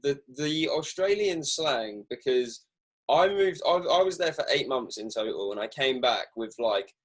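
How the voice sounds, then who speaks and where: A young Englishman with an English accent, hosting a casual podcast chat in an animated way and swearing freely. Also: medium pitch, a little slow. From England. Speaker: podcast host.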